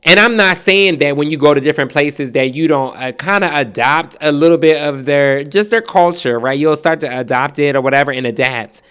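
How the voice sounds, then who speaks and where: A podcast host from Trenton, New Jersey, with a Jersey accent, tells stories in a casual monologue, animated and profane, laughing often and slipping into mimicked accents. His voice is a little high, clear and resonant, moving fairly quickly with hardly any pauses.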